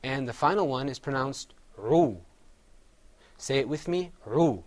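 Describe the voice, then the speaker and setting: Expressive and measured, a man with a medium-pitched voice teaches Arabic letter sounds in a classroom drill. He says each letter patiently, has the group repeat it, and breaks down mouth positions step by step.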